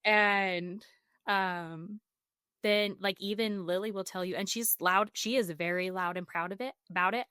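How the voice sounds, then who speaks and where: A woman in her thirties tells family stories as a podcast guest, chatty and animated, often acting out what she said. Her voice sits at a middle pitch. The sound is dry and close, with no room around it. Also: normal speed, clear, resonant tone, no room sound. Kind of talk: conversational storytelling.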